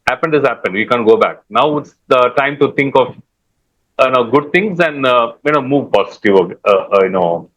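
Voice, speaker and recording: A man's voice: medium pitch, expressive, normal speed, fairly bright tone, rough recording. A man with an Indian English accent sharing workshop feedback hesitantly, with many fillers. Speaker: workshop participant.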